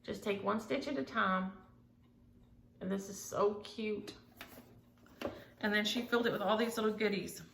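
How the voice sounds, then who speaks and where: Gushing woman with gravelly voice. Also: medium pitch, steady tone, normal speed, pauses often, fairly bright tone, roomy sound, slight background noise. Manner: chatty, gushing, scattered. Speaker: flosstube vlogger. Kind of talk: casual chat showing mail.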